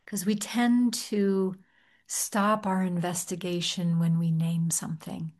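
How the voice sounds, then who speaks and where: Slow, soft-spoken woman guiding meditation. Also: on the low side, little pitch movement. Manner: slow, gentle, soft-spoken with long pauses. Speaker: meditation teacher. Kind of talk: guided meditation.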